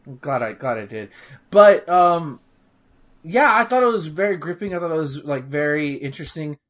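Streamer dude ranting about a game, swears a lot, voice jumps all over, kinda high. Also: male voice, normal speed. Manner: animated, profane, rambling with restarts. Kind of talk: casual chat.

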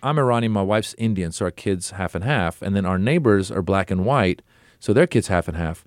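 A man's voice: sits low, expressive, a little fast, no room sound, studio quality. A middle-aged man, a comedian and actor, telling casual anecdotes as an interview guest and acting out other people's lines. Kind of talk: casual conversational storytelling.

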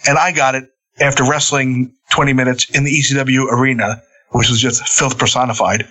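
A middle-aged man, a former wrestler, telling stories on a podcast in a casual, animated way, swearing freely and laughing between lines. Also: medium pitch, a little fast, poor audio. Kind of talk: casual storytelling.

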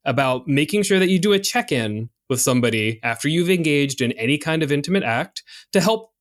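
A man's voice: a little high, brisk, dry recording, studio quality. A man co-hosting a podcast in casual chat, with a slightly nasal voice, rambling with lots of fillers. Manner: rambling, animated, many fillers. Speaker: podcast co-host.

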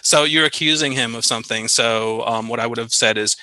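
A man's voice: mid-range voice, quick pace, hardly any pauses, bright, forceful tone, dry recording, low-quality recording. A man hosting a podcast in casual chat, playful and mock-serious, often laughing. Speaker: podcast host.

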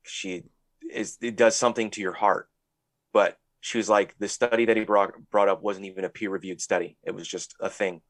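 Deep-ish guy cohosting a podcast, blunt, swears a lot, dry close sound. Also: level tone, moderate pace, no room sound. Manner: blunt, swears freely, thinks aloud. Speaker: podcast co-host. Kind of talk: casual chat.

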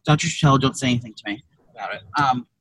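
Sitting in a car, a male podcast co-host chats casually and tells a meandering, profane story riddled with restarts. His mid-range voice is rapid-fire and a bit bright, and the audio is poor, though there's no echo.

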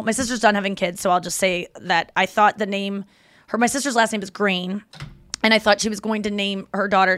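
A woman's voice: mid-range voice, fairly bright tone, no room sound. A woman in her thirties hosting a comedy podcast, joking and blunt, with casual swearing. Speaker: podcast host.

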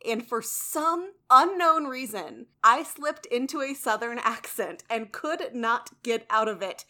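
A woman co-hosting a podcast in casual chat, chatty and animated, quick to laugh. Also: fairly high pitch. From American South. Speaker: podcast co-host.

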